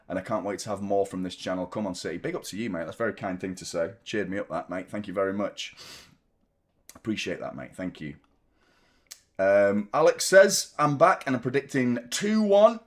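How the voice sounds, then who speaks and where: A man casually chatting as host of a live football fan stream, self-mocking and reading out viewer messages. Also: fairly low pitch. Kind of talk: casual live watchalong chat.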